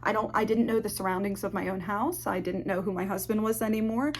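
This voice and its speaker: A young woman telling a personal story to camera, candid and halting, swearing often and holding back tears. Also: mid-range voice, steady tone, a little hiss or hum. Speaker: ASMR channel host. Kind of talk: emotional personal confession to camera.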